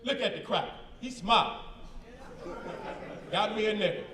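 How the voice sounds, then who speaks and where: Fired-up high-voiced man debating. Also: measured pace, reverberant, distant mic, noisy background. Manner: emphatic, combative, slangy asides. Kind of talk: live debate, reading documents aloud. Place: event hall with a crowd.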